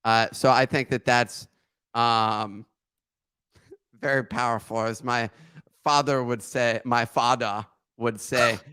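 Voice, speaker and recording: Guy cohosting a podcast, bright tense voice, jokey, laughs a lot, dry sound. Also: medium pitch, steady tone, clear, resonant tone, dry recording. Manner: joking, laughs often, halting restarts. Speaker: podcast co-host. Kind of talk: casual chat.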